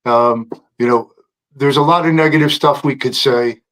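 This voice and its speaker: A man calling in to a talk show, earnest and halting, thanking the host. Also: medium pitch, fairly bright tone, low-quality recording. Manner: halting, many fillers and restarts, earnest. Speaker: caller. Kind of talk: phone-in chat.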